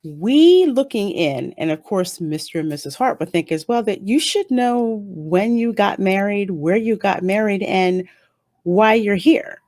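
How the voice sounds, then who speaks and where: A woman giving a casual, stream-of-consciousness review of a TV episode, chatty and animated, with sudden jumps up in pitch. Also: measured pace. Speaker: YouTube reviewer.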